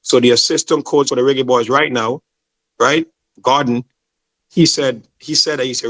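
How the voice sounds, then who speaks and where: Man, interview guest, passionate, repetitive, average pitch. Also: fairly even intonation, moderate pace, a bit bright. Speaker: football promoter, guest. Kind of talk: casual interview chat.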